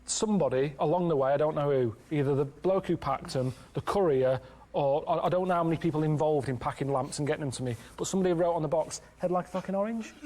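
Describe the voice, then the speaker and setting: A man around forty telling rambling stories in a deadpan way during a casual studio chat. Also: fairly high pitch, fast talker, hardly any pauses. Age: 40s. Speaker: guest.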